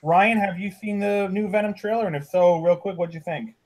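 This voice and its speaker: A man hosting a casual podcast discussion, talking in halting bursts with restarts and casual cursing. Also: sits high, a little mellow, a little hiss or hum. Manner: halting, lots of ums and restarts, curses casually. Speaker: podcast host. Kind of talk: casual chat.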